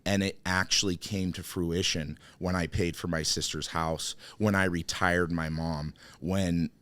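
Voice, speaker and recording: A man's voice: deep voice, fairly bright tone. A man hosting a podcast, talking in an earnest, impassioned way and often calling his guest "dude". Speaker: podcast host. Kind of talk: casual chat.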